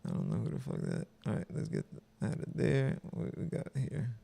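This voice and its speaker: Guy reading reddit posts out loud, super gravelly voice, swears a lot reacting. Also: mid-range voice, wildly swooping pitch, normal speed. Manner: profane, exasperated running commentary. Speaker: streamer reading online posts.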